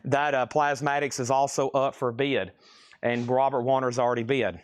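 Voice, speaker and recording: A man's voice: medium pitch, steady tone, normal speed, clear, resonant tone. Breathless man running a live auction. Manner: chatty, rambling, thinks aloud. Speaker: live sale host. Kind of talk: livestream auction patter.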